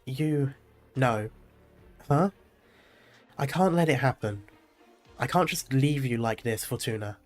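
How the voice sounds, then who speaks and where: A man's voice: medium pitch, slow, long pauses, darkish tone, soft background music, lightly acted. A man reading as a protective, worried young man. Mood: urgent. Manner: reading the lines aloud, mostly plain.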